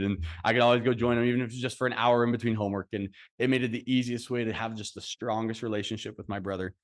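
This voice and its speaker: A young man in his twenties giving a funeral tribute for his brother, telling stories warmly with fillers and restarts. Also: mid-range voice, fairly even intonation, very fast, few pauses. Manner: heartfelt storytelling with fillers and restarts. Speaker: eulogy speaker, brother. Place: funeral service.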